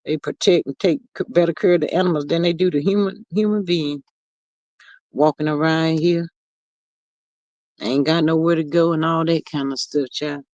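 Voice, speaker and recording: Casual livestream host, reading viewer comments aloud. The talk is gossipy and full of drawn-out fillers and asides. The voice sits at a middle pitch and sounds close and dry, with no room echo. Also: fairly even intonation, darkish tone, dull audio. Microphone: streaming mic close up.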